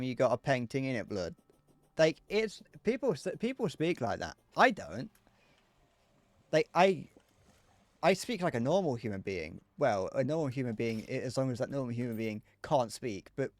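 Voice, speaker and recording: Lively man streaming a game. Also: mid-range voice, moderate pace, no room sound. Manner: rambling, joking, answers chat messages. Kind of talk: casual live-stream chat while gaming.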